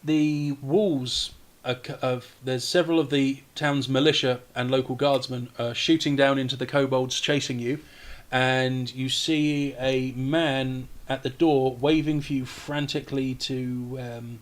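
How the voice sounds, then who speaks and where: A man narrating as game master in a halting, relaxed way with many fillers. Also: medium pitch. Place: home streaming setup.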